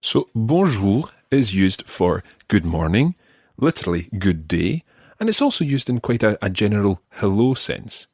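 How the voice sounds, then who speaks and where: A Scottish man teaching a podcast language lesson, patiently modelling each word slowly and carefully. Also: lowish voice, very animated, darkish tone, slightly rough, no room sound, clean studio sound. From Scotland.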